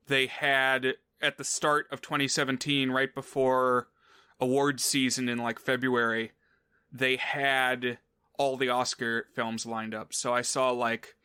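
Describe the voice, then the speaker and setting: A man's voice: mid-range voice, pushed and bright, clear, resonant tone, dry recording. A man co-hosting a film podcast in casual chat, rambling a little and correcting himself with fillers. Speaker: podcast co-host.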